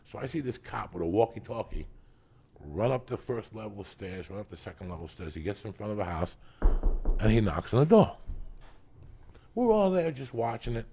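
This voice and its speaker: A man's voice: on the low side, very animated, moderate pace, long pauses, slight background noise. A middle-aged man telling a childhood story, cursing freely and acting out each person's lines. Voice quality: gravelly, husky. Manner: profane, acts out quotes with shifting loud voices. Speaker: storytelling podcast guest. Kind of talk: animated comedic storytelling.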